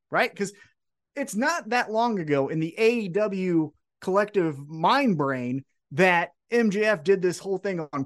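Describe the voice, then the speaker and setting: A man co-hosting a wrestling podcast, recapping events in an excitable, profane, casual chat. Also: high voice. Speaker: podcast co-host.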